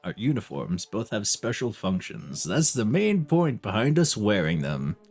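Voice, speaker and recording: A man's voice: on the low side, big pitch swings, unhurried, a little mellow, breathy edge, exaggerated voice. A man reading aloud as a fussy young woman stuck in a stuffy uniform, in a slightly nasal, whiny way. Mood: thoughtful.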